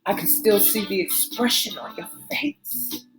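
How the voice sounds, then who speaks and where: A woman voicing Natasha, a young woman who tells her story in an animated, dramatic way, with Southern slang. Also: medium pitch, a little slow, over music, lightly acted. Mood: grateful. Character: young woman, Natasha, tearful then laughing.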